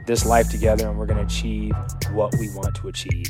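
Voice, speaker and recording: A man's voice: on the low side, little pitch movement, brisk, over music. Earnest man co-hosting a podcast. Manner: earnest, encouraging, sign-off style. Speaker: podcast co-host. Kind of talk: casual podcast chat.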